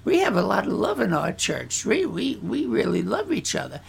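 A man's voice: high-pitched, wildly swooping pitch, moderate pace, creaky, breathy edge. A male pastor talking frankly about his church, bluntly, acting out the voices of people he quotes. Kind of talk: casual talk about church life. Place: church in the Philippines.

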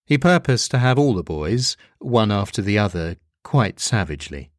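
Low-voiced man reading a dark comic story. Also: big pitch swings, normal speed, dry recording, clean studio sound. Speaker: narrator.

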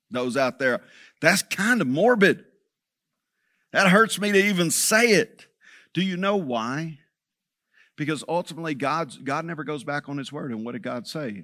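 A man's voice: a little high, expressive, normal speed, long pauses, sharp tone, no room sound, clean studio sound. A man preaching a sermon as pastor, talking conversationally and checking in with the congregation.

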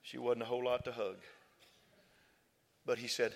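A man's voice: medium pitch, little pitch movement, moderate pace, vocal fry. A man preaching a sermon as a pastor, telling a story in a conversational way and often repeating himself. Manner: conversational storytelling with frequent repetition.

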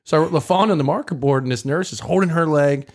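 A man telling animated stories in a casual podcast chat, acting out the voices of the people in them. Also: fairly high pitch, quick pace. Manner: animated, acts out voices in anecdotes. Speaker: podcast host.

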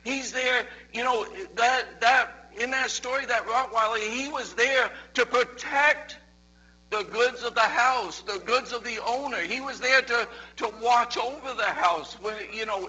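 A man giving a sermon, telling a story in a chatty way, often repeating himself and growing louder as he preaches. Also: a little slow, breathy edge, low-quality recording. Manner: conversational, repeats words, builds in loudness and pitch toward the end.

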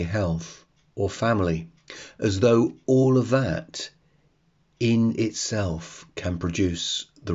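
Low-voiced guy doing a slow bible devotional, kinda dull lo-fi sound. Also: darkish tone. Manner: slow, measured, reflective. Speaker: podcast host.

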